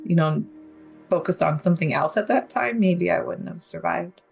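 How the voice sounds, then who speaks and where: Young adult woman guest, lower pitch, recounts her ordeal frankly with light nervous laughs; soft music bed. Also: normal speed, vocal fry, husky. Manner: candid, vivid retelling with nervous laughs. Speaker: guest telling her survival story. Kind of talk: personal story in an interview.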